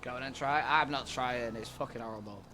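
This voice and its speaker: A man's voice: mid-range voice, fairly quick, sharp tone, slight background noise. Laid-back rambling male streamer. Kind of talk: casual chat with viewers during a roleplay stream.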